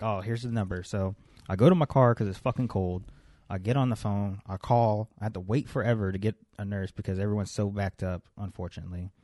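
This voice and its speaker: Young guy on a podcast telling a story, cusses a lot, lowish voice, dry close sound. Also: no echo. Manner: profane, animated storyteller acting out dialogue. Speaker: podcast co-host.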